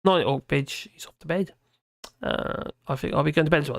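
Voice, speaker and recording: Tired host of a live stream, gravelly and mumbling, on a dry close mic. Casual and rambling, with halting restarts. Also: medium pitch, no room sound. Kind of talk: casual live stream commentary reading out chat.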